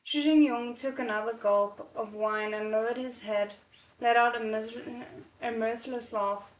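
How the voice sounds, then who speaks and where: A woman reading a novel aloud in a slightly high voice, pausing for emotional asides as she chokes up. Her voice rings a little in an echoey room. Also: steady tone, a little hiss or hum. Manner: emotional, tearful asides between passages. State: choked up from crying. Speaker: novel readalong host.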